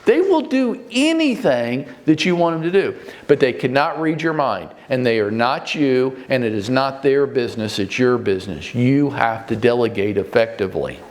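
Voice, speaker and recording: A man's voice: lively intonation, moderate pace, hardly any pauses. A man in his fifties, a real estate broker giving a blunt motivational training talk to his agents in short punchy sentences. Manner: blunt and emphatic, leaps up in pitch to stress points; speaks directly to the audience, often with short punchy sentences.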